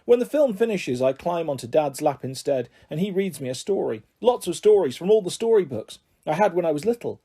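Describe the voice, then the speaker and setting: A man reads a children's novel aloud with a gentle, expressive storytelling manner. His voice sits high for a man, mellow and warm, with a soft, breathy huskiness throughout. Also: brisk, few pauses. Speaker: audiobook reader.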